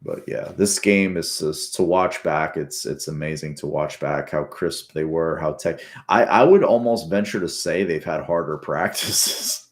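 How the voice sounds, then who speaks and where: A man's voice: a bass voice, measured pace, hardly any pauses. A man giving casual, rambling, profane commentary while rewatching a football game. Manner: rambling, profane, restarts often. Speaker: sports fan commentator.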